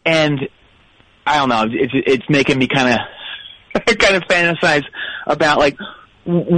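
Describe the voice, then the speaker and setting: A man's voice: mid-range voice, fairly bright tone, dry recording, low-quality recording. A man calling in to a radio show, rambling hesitantly through a story. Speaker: caller. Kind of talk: casual phone-in chat.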